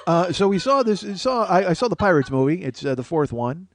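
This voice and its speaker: A man's voice: sits high, very animated, brisk, a little hiss or hum. A man hosting a comedy podcast, ranting in a rambling, profane way that keeps interrupting itself. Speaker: podcast host.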